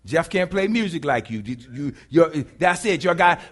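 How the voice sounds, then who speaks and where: A man's voice: fairly high pitch, expressive, fairly bright tone. A man preaching, voicing God as blunt and matter-of-fact in a sermon. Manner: brisk, dismissive, no-nonsense.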